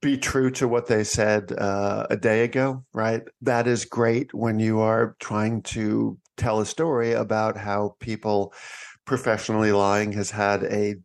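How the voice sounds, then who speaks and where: A man with a low voice and a gravelly edge speaks as an author being interviewed. He tells his stories wryly and breaks into laughter as he goes. His voice has a noticeable rough fry. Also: flat delivery, measured pace. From United States. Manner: wry, laughs while telling stories. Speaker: author and guest. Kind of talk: conversational interview.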